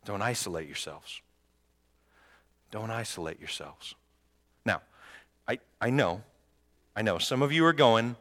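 A man preaching a sermon as pastor, lively and joking with the congregation. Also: lowish voice, a little slow, pauses often. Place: church sanctuary. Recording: long hall reverb.

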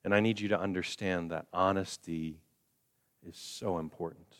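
A male pastor preaching a sermon, swinging from quiet, slow passages to loud, high emphasis and acting out quoted voices. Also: steady tone. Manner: acts out quoted voices of the congregation. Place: church.

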